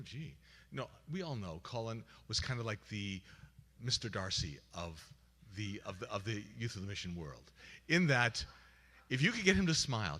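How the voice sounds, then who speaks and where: A man speaks with a lively, swooping delivery and a bright, slightly husky voice. He tells a funny story at a memorial service, and the church hall carries a long reverb behind him. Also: fairly low pitch. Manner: humorous, animated storyteller. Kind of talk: storytelling eulogy.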